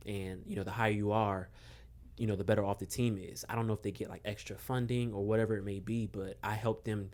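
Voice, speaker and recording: Low-voiced man telling a laid-back story. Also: fast talker. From Maryland, USA. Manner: relaxed, chuckling, many fillers. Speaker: podcast guest, basketball coach. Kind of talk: casual storytelling interview.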